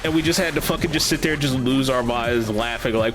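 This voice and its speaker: A man's voice: medium pitch, a little fast. A man streaming a game, chatting casually with his viewers, laughing often and swearing freely. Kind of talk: casual chat while gaming. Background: game music.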